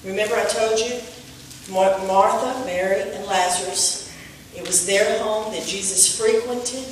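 A woman preaching a sermon to her congregation, animated and asking them questions. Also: mid-range voice, measured pace, a little hiss or hum. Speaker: pastor. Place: church sanctuary. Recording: echoey room, voice from a distance.

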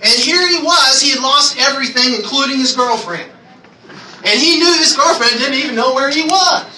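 A man with a very high voice tells a personal testimony to a church gathering, animated and acting out his own prayers. He is picked up from a distance in an echoey room, with clear ambient noise behind him. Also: normal speed. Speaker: church speaker sharing a testimony.

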